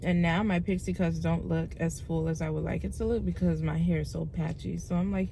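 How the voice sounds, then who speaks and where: A woman's voice: lowish voice, moderate pace, gravelly, a little hiss or hum. A young woman talking casually and candidly to camera in a vlog, chatty and open. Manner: chatty, candid, says like a lot. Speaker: vlogger.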